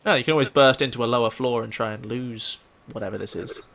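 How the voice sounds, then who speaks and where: A man's voice: mid-range voice, fast, fairly bright tone. A man narrating as game master, rambling with many fillers.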